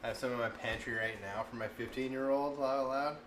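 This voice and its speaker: A man in his thirties tells stories and chats casually while cooking at home, rambling and breaking into laughter. He speaks at a middling pitch, and his voice bounces around an echoey room. A faint hum sits behind him. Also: a little fast. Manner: rambling, animated, laughs often, says "like" a lot. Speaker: cooking streamer. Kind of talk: casual chat and storytelling.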